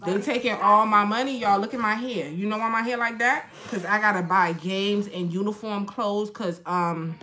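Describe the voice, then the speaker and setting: A woman's voice: medium pitch, moderate pace, few pauses, pushed and bright. A young woman chatting casually to viewers at home as a makeup vlogger and mom, frank and slangy, laughing often. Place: home with children nearby.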